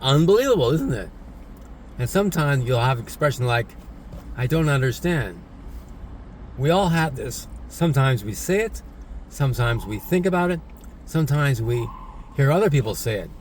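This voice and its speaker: An English teacher with an expressive, medium-pitched voice talks at a moderate pace, with a little hiss or hum in the background. In his casual lesson he repeats things and tags on questions like "right?" and "isn't it?".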